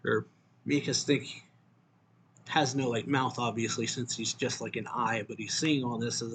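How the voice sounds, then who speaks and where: A man recapping a manga chapter in an easygoing, rambling way, full of "like" and restarts. His voice sits at a middle pitch. A faint ambient hum runs behind. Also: steady tone, moderate pace, fairly bright tone. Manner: rambling, filler-heavy retelling. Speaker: manga reviewer.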